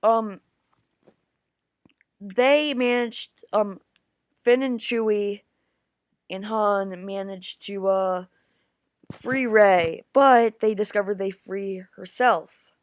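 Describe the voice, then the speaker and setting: A woman talks through a film review at a slow, unhurried pace, stumbling over restarts as her excitement runs ahead of her words. She keeps turning to her viewers as guys. Her voice sounds dry and close, with no room around it. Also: mid-range voice, clear, resonant tone, no room sound. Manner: rambling, halting with many restarts. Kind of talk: casual video review.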